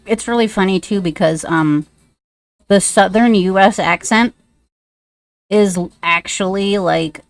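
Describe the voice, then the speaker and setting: A woman's voice: medium pitch, dry recording. A woman streamer chatting casually and rambling, with many fillers, while she draws live. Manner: sing-song baby talk to a pet.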